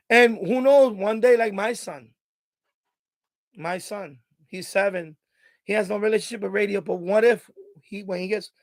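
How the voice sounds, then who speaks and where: A man's voice: high-pitched, no echo. A middle-aged man hosting a live stream from home, talking emotionally and getting choked up, rambling with many restarts. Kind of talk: casual live stream chat.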